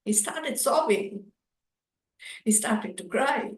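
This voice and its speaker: A woman telling a children's animal story to an audience, with a fairly high voice. Her telling is expressive and repetitive, with a few fillers. The sound is echoey, as in a hall. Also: takes it slowly. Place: storytelling festival session.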